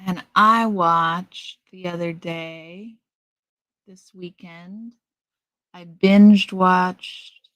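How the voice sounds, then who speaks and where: Middle-aged woman host, unhurried and rambling, bright tense tone, dry close sound. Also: lowish voice, no echo. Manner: chatty, slow, rambling with restarts. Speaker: live stream host. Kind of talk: casual live stream chat, reading out viewer comments.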